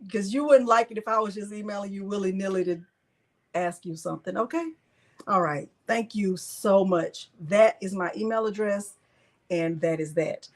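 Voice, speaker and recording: A woman's voice: mid-range voice, moderate pace. A middle-aged woman hosting a craft livestream, chatting casually and emphatically repeating herself to viewers. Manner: repetitive, emphatic, talks to viewers.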